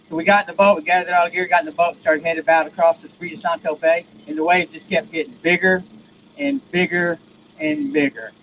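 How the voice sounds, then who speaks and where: High-voiced Texan man telling a tale. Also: a bit bright, slight background noise, low-quality recording. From Texas. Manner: joking, homespun storyteller. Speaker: rally speaker. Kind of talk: folksy storytelling speech.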